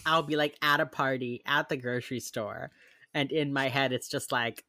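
A woman's voice: very deep voice, steady tone, moderate pace, pushed and bright, no echo, clean studio sound. A woman chatting casually on a podcast, recapping a TV episode and acting out the characters' lines with lots of laughter. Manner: swears casually. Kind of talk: casual chat.

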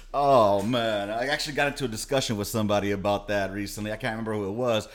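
A man's voice: lowish voice, sharp tone. A man from Los Angeles, co-hosting a podcast, telling crude stories and laughing. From Los Angeles, California. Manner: profane, laughing, swaggering storyteller. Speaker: podcast co-host. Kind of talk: crude casual chat, storytelling.

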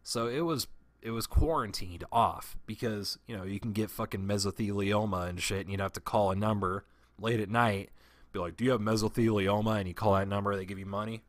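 A man's voice: lowish voice, fairly even intonation, brisk, no room sound. A man telling a long personal story in a casual, profane, rambling way, often restarting his sentences.

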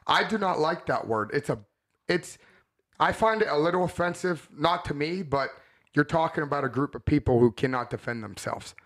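A man with a slightly higher voice than most, chatting casually on a podcast. He speaks bluntly and works out his thoughts as he goes, restarting his sentences. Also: animated, moderate pace, a bit bright. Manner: blunt, thinks aloud with restarts. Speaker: podcast co-host. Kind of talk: casual chat.

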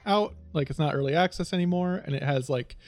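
A man's voice: fairly high pitch, a little fast. A man hosting a casual gaming chat, rambling and laughing often, swearing casually.

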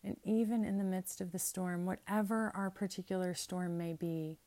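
A woman's voice: fairly low pitch, steady tone, normal speed, warm tone. A woman pastor reading prayers aloud, then preaching in an earnest, conversational way with asides.

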